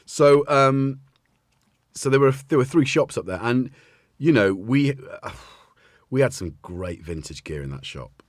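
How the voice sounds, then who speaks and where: A man hosts a relaxed livestream and chats in loose, rambling tangents, breaking into laughter often. His pitch swings up and down freely, and the sound is close and dry. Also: dry recording. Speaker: livestream host. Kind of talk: casual livestream chat.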